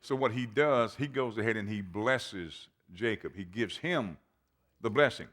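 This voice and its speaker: A man's voice: on the low side, unhurried, a bit bright. Man preaching a dramatic sermon. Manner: reads scripture aloud in old-fashioned wording. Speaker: pastor.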